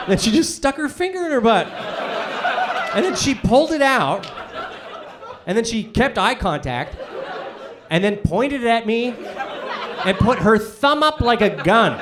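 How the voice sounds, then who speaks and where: A man in his forties doing a high-energy stand-up set on stage before a live audience, ranting with shouted punchlines. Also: big pitch swings, unhurried, pauses often, crowd noise, noisy background. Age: 40s. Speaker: stand-up comedian.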